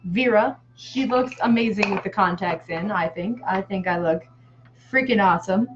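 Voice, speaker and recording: A woman's voice: mid-range voice, normal speed, noisy background. A woman vlogging in casual chat while she paints a face design, telling stories in a rambling way full of fillers and casual swearing. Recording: muffled lo-fi audio.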